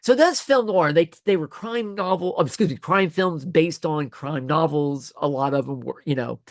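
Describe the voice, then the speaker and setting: A man's voice: a little high, normal speed, no echo, clean studio sound. A man giving a casual classroom lecture, chatty and often correcting himself mid-sentence. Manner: chatty, self-correcting with many restarts.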